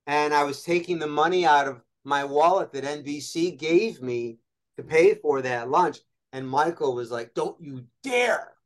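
A male interview guest with a somewhat raised pitch for a man. He tells lively stories, bouncing into quoted voices of the people in them. It is a relaxed conversational exchange. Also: moderate pace. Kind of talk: animated storytelling in conversation.

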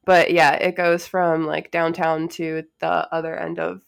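Rieuse femme à la voix rauque. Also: female voice, deep voice, level tone, a little slow, vocal fry, clear, resonant tone. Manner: laughs often, storytelling. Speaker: podcast co-host. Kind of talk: casual chat.

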